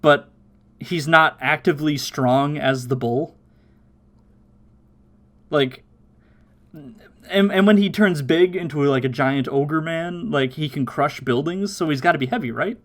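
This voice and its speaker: Animated man recapping a cartoon episode. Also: fairly high pitch. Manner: animated recapping with quick put-on quotes and laughs. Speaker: podcast host. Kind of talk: casual watchalong podcast chat.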